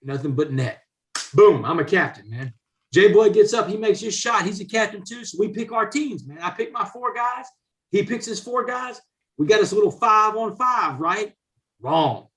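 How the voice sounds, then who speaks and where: Guest storyteller: middle-aged man, fairly high-pitched voice, animated and conversational. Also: moderate pace. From Southeast Texas, USA. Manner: animated, drops "man" into nearly every sentence. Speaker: podcast guest, author and speaker. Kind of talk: casual storytelling.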